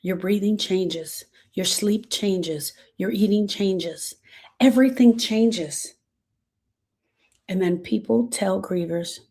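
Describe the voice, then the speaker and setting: A woman speaking as a grief coach in an emphatic, repeating motivational style. Her voice sits at a middle pitch for a woman. She dips soft and low, then rises loud and pressing, and talks straight to her listeners as "girl". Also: slow. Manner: emphatic and repetitive, swinging between soft and loud. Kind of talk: motivational talk to viewers.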